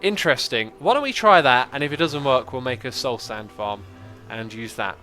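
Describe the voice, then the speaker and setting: A man hosting a casual gameplay livestream, chatting, thinking out loud and answering viewer comments. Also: mid-range voice, animated, normal speed, faint music behind. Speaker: livestream host.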